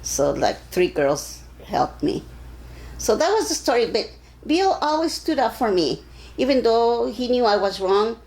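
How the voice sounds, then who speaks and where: An older woman from Arizona being interviewed, telling stories in a casual, animated way and acting out the voices of the people in them. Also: fairly high pitch, measured pace, poor audio. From Arizona, USA. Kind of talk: casual storytelling.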